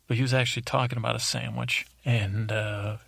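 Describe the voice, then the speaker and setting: Gravelly man rambling through a deadpan tale. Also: mid-range voice, no room sound. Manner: halting, full of fillers and restarts. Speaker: storyteller host. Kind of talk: rambling comedic storytelling. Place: isolated recording space. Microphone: studio microphone.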